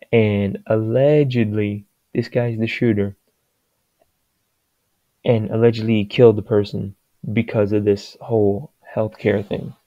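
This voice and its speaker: Man, low pitch, plain-spoken rambling opinion vlog; dry, dull lo-fi recording. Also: no echo. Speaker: vlogger giving his opinion. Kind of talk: casual opinion monologue.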